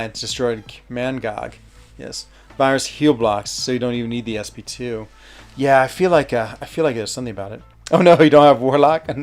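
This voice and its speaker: A man's voice: medium pitch, gravelly. A man chatting casually while streaming a mobile game, thinking aloud, answering chat and laughing easily. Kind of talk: casual live gameplay commentary.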